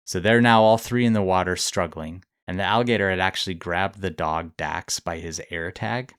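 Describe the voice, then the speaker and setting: Deep-voiced man telling a story. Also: a little fast, few pauses, clean tone, no echo, clean studio sound. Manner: storytelling, relaxed with laughs. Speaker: podcast co-host. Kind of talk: casual chat.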